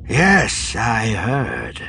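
A man voicing a sinister, gloating dark Jedi master in an audiobook, speaking slowly and theatrically. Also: fairly low pitch, wildly swooping pitch, gravelly, a little hiss or hum, voice pushed up, full character voice. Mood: amused. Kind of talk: audiobook narration.

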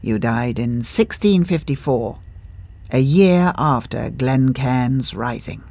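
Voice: mid-range voice, expressive, slow, vocal fry, darkish tone, dry recording, exaggerated voice. Lethbridge Stewart, as a narrator plays him. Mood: measured. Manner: clipped, polite, understated. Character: reserved British military officer man.

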